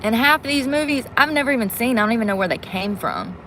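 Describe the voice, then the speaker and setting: A woman's voice: on the high side, expressive, fast talker, fairly bright tone, slight background noise. Fed-up woman muttering at her device. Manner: frustrated, muttering and cursing while fiddling with a device. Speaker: vlogger. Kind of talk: casual vlog talk to viewers.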